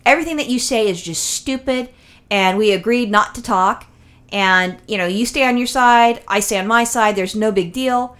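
A woman's voice: a little high, moderate pace. A woman co-hosting a casual comedy podcast, rambling and profane as she tells stories. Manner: rambling, profane, animated storytelling. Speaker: podcast co-host.

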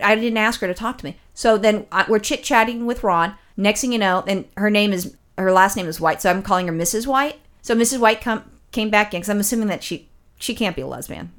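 A woman telling a story in casual chat, animated and swearing freely, acting out what people said. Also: medium pitch.

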